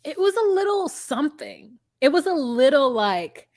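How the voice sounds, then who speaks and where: Animated woman retelling scenes, higher voice. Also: no room sound, studio quality. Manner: animated storyteller acting out both sides of scenes in quick voices. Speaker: podcast co-host recapping a reality show. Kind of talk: casual chat.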